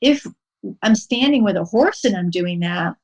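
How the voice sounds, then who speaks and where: A woman guest on a podcast interview, calmly and patiently explaining a mindfulness practice step by step, pausing now and then with an um. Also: mid-range voice, lo-fi sound. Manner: calm, instructive, unhurried with frequent um pauses. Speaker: podcast guest, horse-assisted wellness coach.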